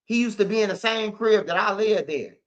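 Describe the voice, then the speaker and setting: A show host with a high-pitched, brisk voice tells stories in a casual monologue loaded with street slang and "bro." The lo-fi audio sounds slightly dull.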